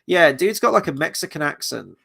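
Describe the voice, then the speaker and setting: Gravelly man rambling through a film review. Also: a little high, lively intonation, a little fast, sharp tone. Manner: rambling, hesitant, self-correcting with many fillers. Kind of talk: casual spoken film review.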